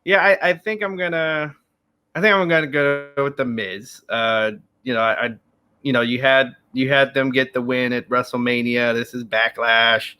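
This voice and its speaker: A man co-hosting a podcast, laid-back and quick to laugh, talking through his thoughts with many fillers. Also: medium pitch, steady tone, sharp tone. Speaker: podcast co-host. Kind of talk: casual chat.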